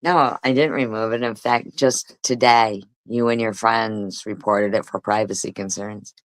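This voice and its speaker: A woman's voice: rumbling low, fairly even intonation, unhurried, no room sound. Woman, live streamer, heated profane rant, repetitive, dry close sound.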